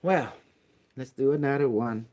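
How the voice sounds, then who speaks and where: A man's voice: mid-range voice, unhurried, a little mellow. A man with non-native grammar ranting bluntly and profanely as a channel host. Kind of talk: casual rant on a phone call.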